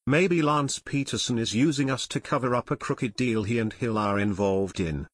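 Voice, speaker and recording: A man's voice: mid-range voice, moderate pace, no room sound, clean studio sound, natural voice. Eager teen boy detective, read by a man. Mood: excited. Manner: excited.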